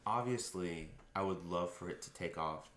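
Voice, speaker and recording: A man's voice: low-pitched, moderate pace, a bit bright. A man co-hosting a casual podcast, speaking earnestly and laughing easily with friends. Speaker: podcast co-host. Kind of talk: casual chat. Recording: echoey room, faint noise.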